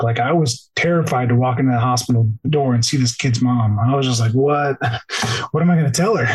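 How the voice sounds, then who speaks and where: A man's voice: medium pitch, breathy edge, poor audio. A man guest on a podcast telling an emotional first-person story, peppered with "like" and restarts, close to tears at times. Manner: heavy use of "like", restarts, tearful. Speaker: podcast guest, police officer.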